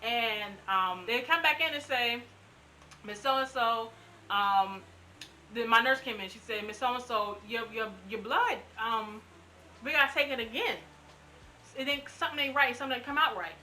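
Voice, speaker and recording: A woman in her twenties telling her own story in a casual, animated way, acting out what people said. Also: on the high side, moderate pace, a little hiss or hum, poor audio. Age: 20s. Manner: animated, acts out quotes. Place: room at home.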